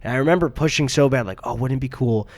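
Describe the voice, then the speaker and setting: A young man chatting loosely on a podcast, his voice sitting at an ordinary middle pitch. He rambles through stories, laughs often and swears freely. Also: fast. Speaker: podcast co-host. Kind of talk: casual chat.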